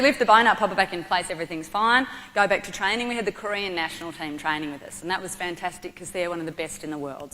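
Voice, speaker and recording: A woman with an Australian accent telling a personal story to an audience, animated and vivid. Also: fairly low pitch. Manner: lively, animated storytelling with acted-out quotes. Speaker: motivational speaker. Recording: long hall reverb.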